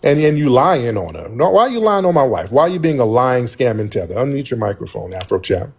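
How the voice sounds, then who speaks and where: A man's voice: medium pitch, sing-song, quick pace, gravelly, husky. A man hosting a livestream call-in debate, combative and repeating pointed questions at a caller. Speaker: livestream host.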